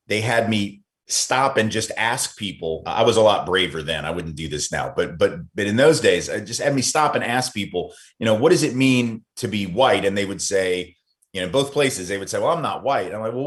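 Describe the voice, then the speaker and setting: Interview guest: American man, low-pitched voice, animated storyteller who acts out quotes, many ums and self-corrections. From United States. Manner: thinks aloud with frequent ums and restarts. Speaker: podcast guest, anti-racism author and speaker. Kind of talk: conversational interview.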